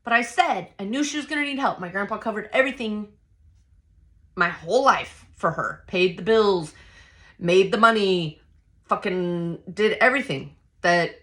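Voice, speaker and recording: A woman vlogger casually telling a family story to her viewers, blunt and profane, with a loud, heated edge as she gets worked up. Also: medium pitch. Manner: addresses viewers directly, filler-heavy run-on storytelling.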